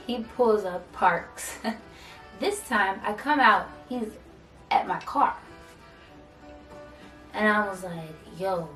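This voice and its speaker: Animated young woman telling a story. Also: medium pitch. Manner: animated, acts out both sides of the argument. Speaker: vlogger. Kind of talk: casual storytime. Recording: echoey room, mic at a distance, faint music.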